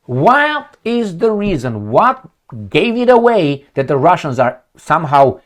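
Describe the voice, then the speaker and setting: Mocking, animated male commentator. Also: on the high side, a little slow. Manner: sarcastic, mocking, emphatic. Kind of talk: profane political commentary.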